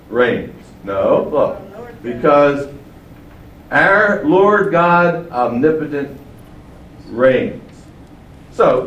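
Emphatic preacher in an echoey room. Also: male voice, medium pitch, a little hiss or hum. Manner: emphatic, rhetorical questions, sweeping shifts in loudness. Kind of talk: sermon. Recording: echoey room from far off, faint ambience.

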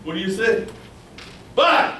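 Animated preacher in an echoey room. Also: male voice, normal speed, distant mic, slight background noise. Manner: animated, acts out quoted voices in a higher pitch. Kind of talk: sermon, Bible teaching.

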